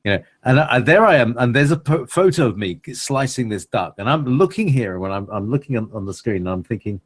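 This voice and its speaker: A man's voice: medium pitch, expressive, a little fast, breathy edge. A man cohosting a casual chat, rambling with many hesitations and frequent laughs.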